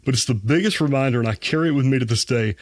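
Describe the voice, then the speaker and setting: A man's voice: mid-range voice, very fast, no echo, studio quality. A man, a dentist telling a personal story as a guest on a podcast, folksy and earnest. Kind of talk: personal anecdote in a podcast interview.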